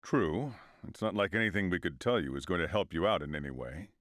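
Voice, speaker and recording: A woman playing a huge deep-voiced cyborg soldier. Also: animated, brisk, no echo, clean studio sound. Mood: dry.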